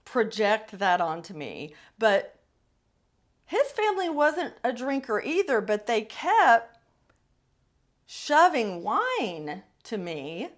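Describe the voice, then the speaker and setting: A woman's voice: fairly high pitch, huge pitch swings, takes it slowly. A middle-aged woman hosting a podcast, telling a personal story in a candid, wry way. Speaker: podcast host.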